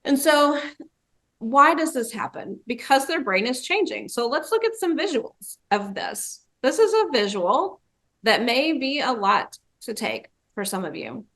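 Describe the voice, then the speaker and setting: A woman's voice: high-pitched, very animated, measured pace, fairly bright tone. A woman dementia trainer giving a webinar presentation, telling a story and acting out the quoted voices.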